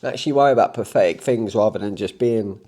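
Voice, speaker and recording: Man, fairly deep voice, blunt, rambling, motivational coach talking unscripted. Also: fast, mellow. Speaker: self-improvement coach.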